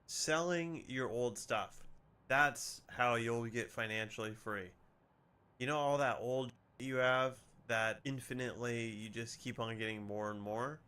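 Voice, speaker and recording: A man's voice: medium pitch, steady tone, unhurried, bright, forceful tone. A man streaming from home, talking in a sarcastic, rambling way and swearing freely. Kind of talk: casual stream chat.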